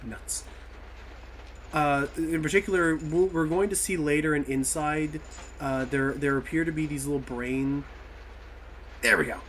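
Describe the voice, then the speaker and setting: A man's voice: a little high, steady tone, a little slow, pauses often, fairly bright tone, a little hiss or hum. A young man giving casual gameplay commentary, explaining puzzles in a rambling, self-correcting way. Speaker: game commentary player.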